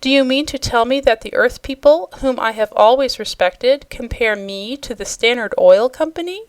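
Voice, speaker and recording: A woman reading a storybook, voicing a fussy, easily offended male octopus in a higher, airy voice. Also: expressive, normal speed, no echo, natural voice. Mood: aggrieved. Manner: airy, fussy, then mournful and sobbing. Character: pompous, touchy male octopus gentleman.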